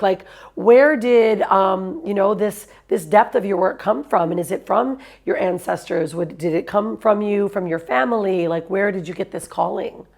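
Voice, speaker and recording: Gravelly-voiced enthusiastic woman host. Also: mid-range voice. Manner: effusive, enthusiastic introductions. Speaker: show host. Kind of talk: online summit interview.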